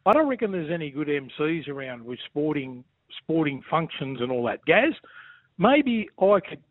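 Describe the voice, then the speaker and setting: Australian man, phone guest, rowdy jokey banter, raised pitch, tinny phone sound. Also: sing-song, normal speed, no echo. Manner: boisterous, joking, keeps saying mate. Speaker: phone-in guest, former footballer. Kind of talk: casual banter.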